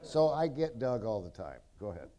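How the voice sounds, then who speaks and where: A rowdy man shares his testimony on a convention stage, cracking jokes and cutting in with blunt asides. His voice sits in a middle pitch and has a warm, mellow color, and he speaks into a stage microphone. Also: sing-song, fairly quick. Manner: jokey, keeps interrupting, blunt and rowdy. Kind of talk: rambling storytelling testimony. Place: convention stage before an audience.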